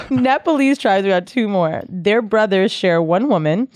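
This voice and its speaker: This woman co-hosts a casual podcast. She reads out odd facts, laughs a lot and swears freely. Her pitch sits in the middle, and the studio sound is dry and close. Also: animated, unhurried, a little mellow, no echo. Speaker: podcast co-host. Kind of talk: casual chat. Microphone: studio mic.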